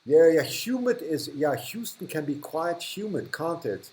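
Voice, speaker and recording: A man's voice: fairly high pitch, very animated, measured pace, a little mellow, poor audio. A man hosting a live stream from a hot, humid indoor room, chatting casually as he reads and thanks viewers, often restarting sentences and chuckling. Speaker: livestream host.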